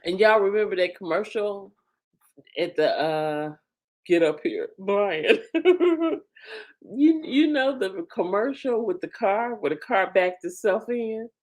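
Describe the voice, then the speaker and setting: Chatty woman on a livestream, talks slow, voice jumps all over, laughs a lot. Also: mid-range voice. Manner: animated, chatty, laughs often, addresses viewers directly. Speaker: livestream host. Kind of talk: casual live-stream chat with viewers.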